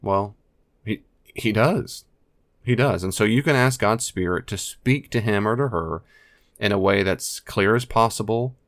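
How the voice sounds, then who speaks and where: This direct-to-camera advice talk on addiction and family comes from an American man with a lowish voice who speaks a little slowly. He's earnest and emphatic, often repeating key phrases, and the recording has no echo.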